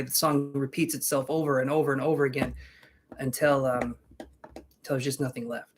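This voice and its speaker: A man's voice: mid-range voice, steady tone, fairly quick, slight background noise. A man giving tarot readings on a live stream, chatting casually with viewers in a jokey, reassuring way. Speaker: tarot reader.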